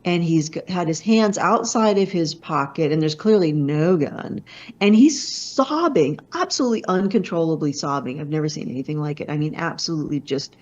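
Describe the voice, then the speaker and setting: Woman, low voice, expressive storyteller, motivational speaker, muffled lo-fi sound. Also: fairly quick, few pauses. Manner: expressive, with many restarts and asides. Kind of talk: animated personal storytelling. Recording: slightly muffled lo-fi audio.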